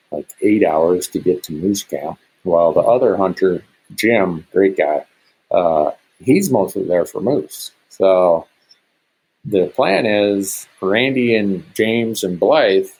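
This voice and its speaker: A middle-aged man from Montana, a hunter guesting on a podcast, telling a story in an animated way and acting out what others said. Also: sits low, slow pace, breathy edge, rough recording. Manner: animated, acts out quoted speech in a raised voice.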